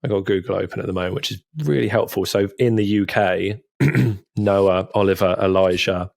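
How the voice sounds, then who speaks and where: A man's voice: low-pitched, steady tone, normal speed, creaky, a little mellow, no echo. A man co-hosting a podcast in casual chat, rambling and laughing at himself. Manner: giggly, rambling, self-deprecating. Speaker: podcast co-host.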